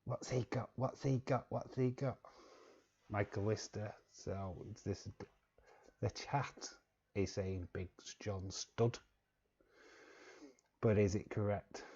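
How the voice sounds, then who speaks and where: A man's voice: fairly low pitch, dark tone, lo-fi sound. A young English man hosting a quiz on a live stream, joking and chuckling as he reads the chat. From England. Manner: joking, chuckling, repeats words while reading chat. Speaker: quiz host.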